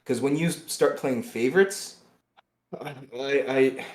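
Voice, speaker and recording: A man co-hosting a podcast, ranting angrily about politics, swinging between loud bursts and low muttering, often breaking off and restarting. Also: unhurried. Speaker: podcast co-host. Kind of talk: heated political podcast rant. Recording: roomy echo.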